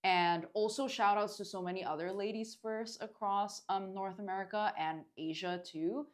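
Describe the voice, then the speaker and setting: A woman's voice: mid-range voice, fairly even intonation, moderate pace. A woman guest, a dance event organizer, talking earnestly in a casual interview and using many filler words.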